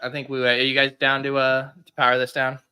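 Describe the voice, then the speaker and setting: A man's voice: mid-range voice, completely flat delivery, fairly quick, sharp tone, clear, resonant tone. A man hosting a casual live stream, joking around and laughing often. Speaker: host.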